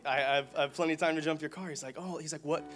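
A young man telling his testimony to a church congregation, excited and storytelling, growing loud with praise. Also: fairly high pitch, rapid-fire. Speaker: church member giving a testimony.

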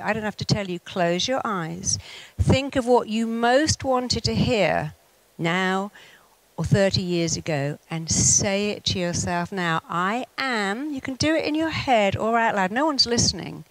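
An English woman, a therapist, giving a motivational talk and acting out the mind's voice in lively asides. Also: mid-range voice, unhurried, in a large hall. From England. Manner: animated, acts out the mind talking back. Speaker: therapist and self-help speaker.

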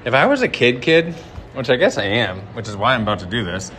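A man livestreams as he wanders through the inside of a large hotel, talking to viewers in a loose, rambling, jokey way. His voice is bright and forward, picked up by a handheld phone as he walks, with a faint hum of background noise. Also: mid-range voice, sing-song, fast. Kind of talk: live-stream walking commentary.

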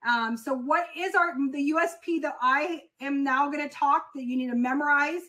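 A woman with a high, bright, sharp-edged voice teaches a casual class on phone sales. She talks straight to her students, repeats her main points and leans on fillers as she explains. Her tone stays conversational and instructive. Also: normal speed, rough recording. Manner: conversational, addresses the class directly. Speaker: sales coach for freight brokers. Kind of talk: casual spoken lesson.

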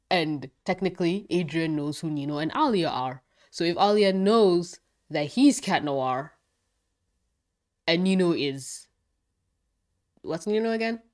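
A woman giving an excitable, casual review of a cartoon episode, swearing freely. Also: lowish voice. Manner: excitable, swearing, laughing often. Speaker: show reviewer.

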